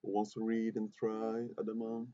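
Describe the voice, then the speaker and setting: A man's voice: fairly low pitch, completely flat delivery, moderate pace, mellow, no room sound. A man teaching an English grammar class in a classroom, patiently repeating himself and asking the students questions. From Côte d'Ivoire. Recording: muffled lo-fi classroom recording.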